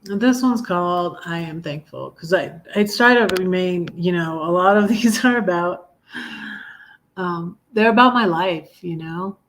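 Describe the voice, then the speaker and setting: A middle-aged woman hosting a live stream, chatting casually and reading her own poems in a halting, heartfelt way with many ums and restarts. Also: lowish voice. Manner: halting, full of ums and restarts, soft laughs; heartfelt, gets emotional while reading. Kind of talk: casual livestream chat and poetry reading.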